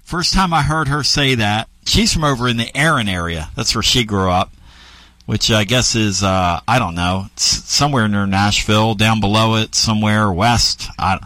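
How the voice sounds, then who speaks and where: Bright-voiced brash radio sports host. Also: male voice, on the low side, moderate pace, dry recording. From northern United States. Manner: brash, storytelling, teasing co-hosts. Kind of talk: casual radio sports talk. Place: radio studio.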